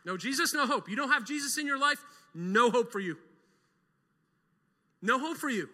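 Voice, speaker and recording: Young guy pastor preaching, bright sharp voice, big echoey church. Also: very high-pitched, normal speed, long pauses. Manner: energetic, emphatic preaching with rhetorical questions and repetition. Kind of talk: sermon. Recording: long hall reverb.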